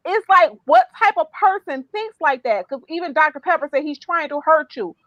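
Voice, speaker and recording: A woman chatting casually about a reality show, animated and exclamatory as she rants. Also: sits high, moderate pace, no echo, lo-fi sound. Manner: animated, exclamatory, fired-up ranting. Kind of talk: casual reality-TV recap chat.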